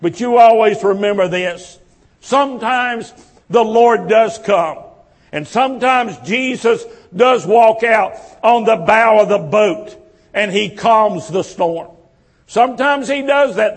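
High-voiced man preaching slowly in a hall. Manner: impassioned, repetitive preaching cadence. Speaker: pastor. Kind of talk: sermon.

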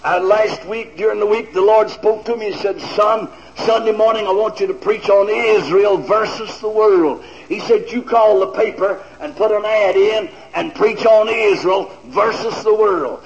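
A man preaching a fiery revival sermon, often shouting praise to a congregation. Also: high-pitched, a little slow, few pauses, slight background noise. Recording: dull lo-fi recording with crowd.

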